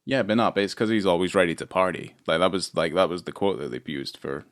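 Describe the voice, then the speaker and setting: A man's voice: deep voice, animated, fast. A man co-hosting a film podcast in casual chat, rambling with lots of fillers and swearing. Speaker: podcast co-host.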